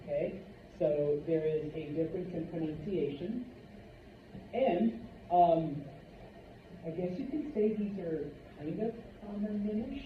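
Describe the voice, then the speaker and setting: A man teaching a Spanish class in a classroom, unhurried and checking in often with the students. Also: sits high, expressive, recorded from a distance, slight background noise. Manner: unhurried, many fillers and check-ins. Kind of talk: classroom lecture. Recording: roomy lo-fi classroom recording from afar.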